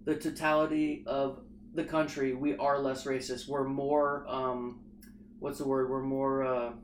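A man from the United States in casual political chat, telling stories in an animated, emphatic way. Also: mid-range voice, a little slow. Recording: echoey room, faint background noise.

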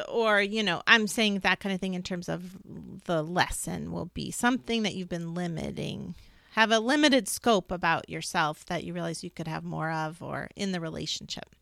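Smooth-voiced woman, quick rambling chat. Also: medium pitch, a bit bright, no room sound, studio quality. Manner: rambling, fast, many fillers and restarts. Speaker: podcast co-host, intuitive reader. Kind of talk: casual spiritual chat.

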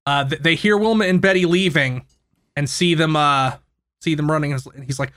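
Bright-voiced man recapping a movie. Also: fairly high pitch, normal speed. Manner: recaps plot with swearing and laughter. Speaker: podcast co-host recapping a movie. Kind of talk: casual chat.

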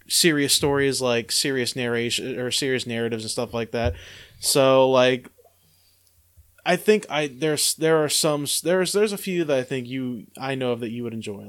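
A man's voice: medium pitch, smooth. A man hosting a podcast in casual chat, rambling with many fillers and restarts. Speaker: podcast host.

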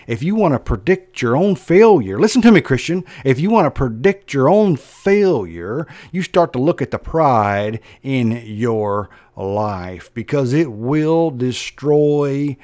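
A man preaching a sermon, emphatic and repetitive, slowing down to stress his points. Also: medium pitch, darkish tone, dry recording.

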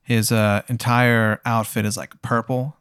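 Speaking unhurriedly in a flat, medium-pitched voice that is smooth and fairly bright, the host and game runner rambles through an improvised comedic story full of "like" fillers, laughing as he goes. The audio is studio quality with no echo.

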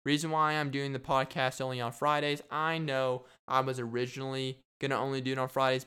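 A young man talks through his own solo podcast, jumping from joke to joke and laughing at his own lines. His voice is smooth and clean, sitting at an ordinary middle pitch. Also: sharp tone. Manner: rambling and jokey, laughs at his own bits. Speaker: podcast host. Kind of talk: casual solo podcast monologue.

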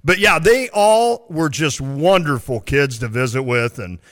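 A man's voice: on the high side, measured pace, in a large hall. A man co-hosting a sports radio show, chatting casually and playfully. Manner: animated, playful, mimics people in quotes.

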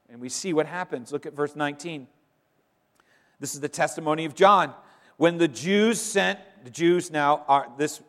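Preacher, male, fairly high voice, emphatic, swings loud to hushed, long hall reverb. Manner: emphatic, swings between loud declarations and quiet asides. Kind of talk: sermon.

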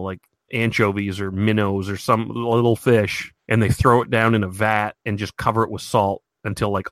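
A man's voice: fairly low pitch, a bit bright, dry recording. A man co-hosting a podcast in casual, rambling chat, full of fillers and restarts. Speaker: podcast co-host.

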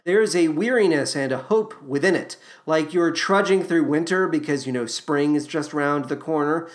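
A man's voice: fairly high pitch, normal speed. A man hosting a podcast, giving a comedic review of a musical's songs in a sardonic, profane, enthusiastic way.

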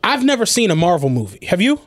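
A man in casual podcast chat, telling profane, animated anecdotes and laughing along. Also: high-pitched, fast talker.

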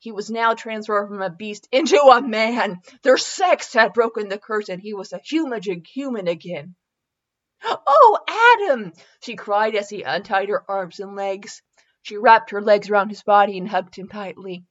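A woman hosts a comedy podcast, reading fan fiction aloud and breaking into giggly, self-deprecating asides. Her voice sits at a middling pitch. The recording sounds a little dull and lo-fi. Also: moderate pace. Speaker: podcast host.

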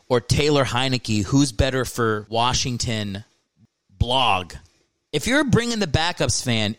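Profane, rambling comedian hosting a podcast. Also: male voice, medium pitch, fairly bright tone, no echo. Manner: rambling, profane, jokey, breaks into mocking voices. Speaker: podcast host.

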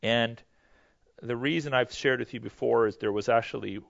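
A man's voice: mid-range voice, normal speed, creaky. A man teaching a Bible history lesson in a conversational, explanatory way, often restarting his sentences. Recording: dull lo-fi recording.

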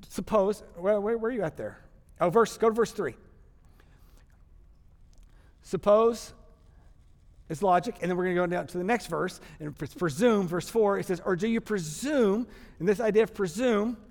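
A pastor from Texas with a Texan accent, preaching a sermon with animated, humorous storytelling. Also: male voice, high voice. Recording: long hall reverb.

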